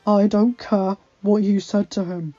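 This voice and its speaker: A fierce, protective beast prince, as a woman reader puts him on, growling and snarling his lines loud in a storybook. The recording is a little dull, with soft music behind. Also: lowish voice, little pitch movement, normal speed, natural voice. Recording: slightly dull, faint background music.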